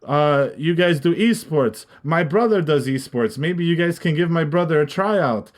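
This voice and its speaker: A man's voice: fairly high pitch, lively intonation, unhurried, pitched above the performer's own voice. A man voicing a rowdy, drunk male gang member who is brash and overly friendly.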